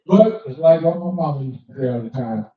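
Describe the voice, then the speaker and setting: A man's voice: on the high side, animated, fairly quick, crowd noise. An older man doing a brash, profane stand-up comedy set in a cigar lounge, acting out the people in his stories. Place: cigar lounge, live show. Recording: echoey, dull room sound from a distance.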